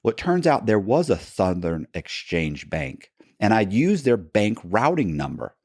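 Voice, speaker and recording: A man, a podcast guest, telling stories in casual talk and acting out the other people in them with sudden jumps in pitch. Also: measured pace, no room sound, clean studio sound. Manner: animated, acts out quoted dialogue with pitch jumps. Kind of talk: casual storytelling.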